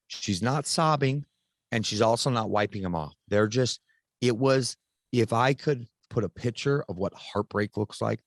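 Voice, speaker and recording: Low-voiced man telling his story frankly. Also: no room sound. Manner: casual, frank, swears freely. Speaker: podcast guest. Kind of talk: candid personal storytelling.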